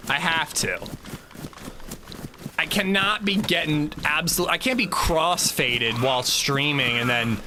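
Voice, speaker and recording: A man's voice: a little high, slow pace, noisy background. A man in his thirties streaming a game, chatting casually and joking with his chat in a rambling way. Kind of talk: casual livestream chat while gaming.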